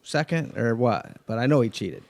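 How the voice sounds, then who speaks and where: A man's voice: mid-range voice, moderate pace, very noisy. A man, a race car driver, telling stories in a casual studio chat and acting out the people he quotes. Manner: animated, acts out quoted voices. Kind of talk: casual storytelling.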